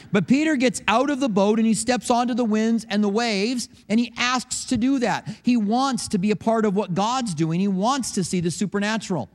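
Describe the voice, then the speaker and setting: Man, high-pitched, pastor, animated storytelling sermon, church service. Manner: conversational, animated storytelling with acted quotes.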